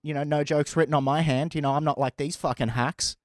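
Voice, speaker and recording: A man's voice: fairly high pitch, fairly even intonation, fairly quick, no room sound, clean studio sound, natural voice. A man voicing a rude, abrasive woman comic at an open mic, with a blunt, sneering delivery in his own voice.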